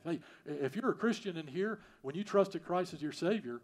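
A man preaching a sermon, repeating phrases and swinging from loud emphasis to quiet, prayerful lines. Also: on the high side, expressive, brisk. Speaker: pastor.

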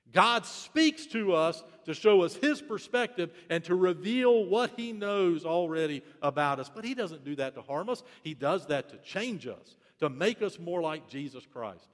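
Earnest preaching man, higher voice. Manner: earnest, emphatic, repeats key phrases. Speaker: pastor. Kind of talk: sermon. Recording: reverberant hall.

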